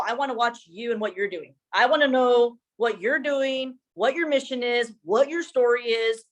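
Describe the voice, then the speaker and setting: A young adult woman with a high, bright-sounding pitch talks shop as a social media consultant. Her delivery is lively and chatty, with a few Spanish phrases mixed in. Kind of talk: casual workshop chat.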